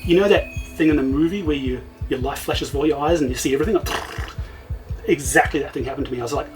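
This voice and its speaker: A middle-aged man tells a story in a relaxed, conversational way. He keeps quoting himself as events unfold, which gives his account a lively, spoken feel. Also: fairly high pitch, fast, music in the background, rough recording. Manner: vivid retelling, often quoting himself. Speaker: interview guest. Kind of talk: casual storytelling.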